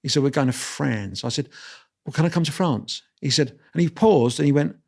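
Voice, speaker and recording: A man, telling lively anecdotes as an interview guest and restarting his sentences often. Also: mid-range voice, fairly quick, creaky, slightly rough. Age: 60s. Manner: animated anecdotes with quoted voices and restarts. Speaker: guest photographer. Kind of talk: storytelling interview.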